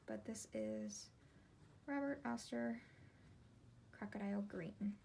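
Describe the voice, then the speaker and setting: A woman's voice: mid-range voice, huge pitch swings, slow, creaky, dark tone, a little hiss or hum. A woman in her thirties vlogging casually from her desk at home, chatty and meandering, often breaking off mid-thought. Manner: chatty, meandering, self-interrupting. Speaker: ink collection vlogger. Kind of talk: casual rambling vlog while swatching.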